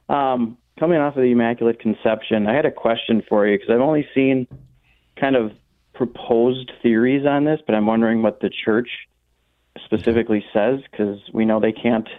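A man's voice: medium pitch, steady tone, normal speed, no echo. A man calling in to a radio show, asking an earnest, carefully built question. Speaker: radio caller. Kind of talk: phone-in question. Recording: tinny phone line.

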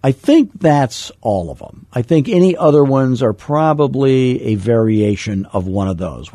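A middle-aged man coaching real estate agents, telling a story in an animated, self-deprecating way and adding sound effects. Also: mid-range voice, measured pace, few pauses, dry recording, clean studio sound. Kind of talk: storytelling teaching talk.

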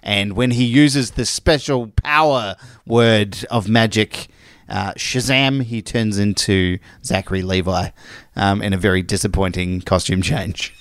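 A man's voice: fairly low pitch, fairly even intonation, a little slow, dry recording. Dry-sounding man, rambling. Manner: joking, rambling with fillers. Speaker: podcast co-host. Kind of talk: casual chat.

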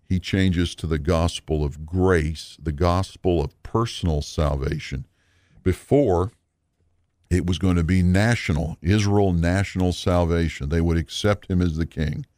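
A man teaching a recorded Bible lesson in an earnest, measured, explanatory way. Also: low voice, dark tone, no echo, clean studio sound.

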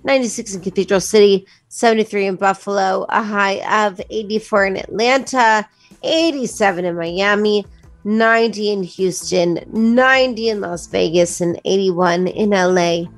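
A woman's voice: medium pitch, normal speed, soft background music. A woman co-hosting a morning show, chatting in a gushing way, laughing often, and reading the news. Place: broadcast studio.

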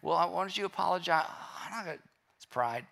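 A man's voice: sits high, expressive, quick pace, creaky, pushed and bright. A male pastor giving a sermon in a conversational way, acting out people's inner voices as he speaks.

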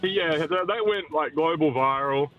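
Kiwi-Aussie caller on a dull line. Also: male voice, on the high side, unhurried, soft background music. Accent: New Zealand-Australian. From New Zealand and Australia. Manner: hesitant, rambling with fillers. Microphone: phone.

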